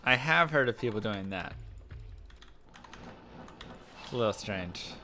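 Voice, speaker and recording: A man's voice: fairly low pitch, brisk, soft background music. A man hosting a live game stream, chatting casually and telling stories with frequent laughter. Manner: animated, laughing, storytelling. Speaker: livestream gamer host. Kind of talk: casual chat while gaming.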